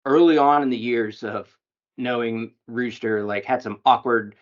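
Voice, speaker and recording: Reflective podcast host guy, mid pitch, muffled lo-fi sound. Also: fairly even intonation, unhurried. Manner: thoughtful, reflective, a bit rambling. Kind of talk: casual interview chat. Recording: dull lo-fi audio.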